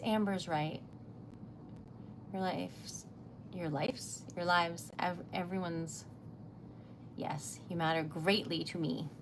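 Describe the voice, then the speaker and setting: A woman's voice: lowish voice, noisy background. A young woman, chatting casually on a craft livestream, giggly and easily flustered as she thanks her chat. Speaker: livestream host.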